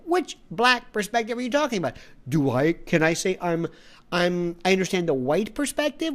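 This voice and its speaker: A man's voice: high-pitched, moderate pace. A male talk show host delivering a rambling, sarcastic monologue full of digressions. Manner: animated, sarcastic, digressive storyteller.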